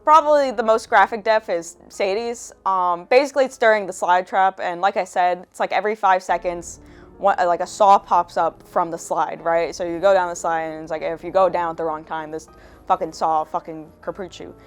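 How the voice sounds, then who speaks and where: A woman's voice: lowish voice, steady tone, a little fast, faint music behind. Profane, exasperated young woman ranting. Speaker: video essayist. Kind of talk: casual commentary rant.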